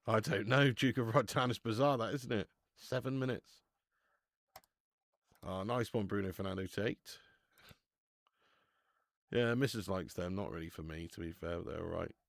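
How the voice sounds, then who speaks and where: A man's voice: lowish voice, moderate pace, vocal fry, pauses often, no room sound, studio quality. A man hosting a live football watch-along, chatting casually, swearing and reading out viewer messages.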